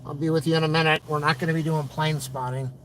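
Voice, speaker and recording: A man's voice: on the high side, little pitch movement, quick pace, fairly bright tone, poor audio. A middle-aged man, tearful and emotional, rambling to a phone while he drives his car. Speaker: vlogger. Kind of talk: rambling monologue while driving. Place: inside a car while driving. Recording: car and road noise.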